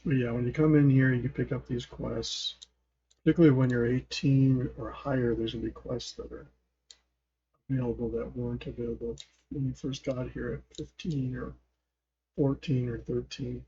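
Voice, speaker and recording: A man's voice: mid-range voice, fairly even intonation, normal speed, mellow, highs cut off, a little hiss or hum. A man hosting a gaming channel, giving casual gameplay commentary in a rambling way, often trailing off and chuckling.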